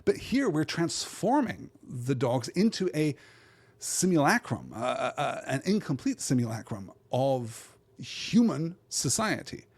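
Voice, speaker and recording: A man's voice: medium pitch, big pitch swings, breathy edge. A man hosting a literary podcast, talking through ideas in a thoughtful, digressive way, often checking in with "right?" and restarting his phrases. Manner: reads verse aloud in measured cadence. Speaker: podcast host.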